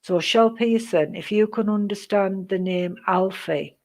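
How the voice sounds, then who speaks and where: A woman giving psychic readings on a live stream, chatty and rambling, greeting viewers by name, with many pauses and "um"s. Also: medium pitch. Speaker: psychic reader.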